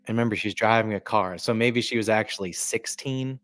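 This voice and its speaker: A man hosting a sports live stream, talking in a casual, rambling, profane way and often clearing his throat. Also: on the low side, a little fast, a bit bright, no echo, faint music behind. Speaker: livestream sports commentator.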